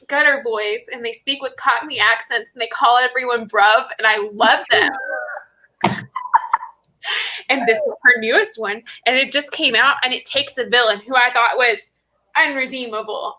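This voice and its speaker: A woman with a drawl chats excitedly on a video call, high and bright in tone. She gushes and plays up the drama, laughing often. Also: moderate pace, low-quality recording. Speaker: indie bookseller guest. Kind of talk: casual chat.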